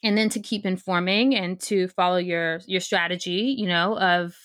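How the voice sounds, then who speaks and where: A woman's voice: lowish voice, fairly even intonation, normal speed, fairly bright tone, no echo, studio quality. A woman guest coach in a casual podcast interview, talking with energy and emphasis, frank and unfiltered, with the odd casual swear.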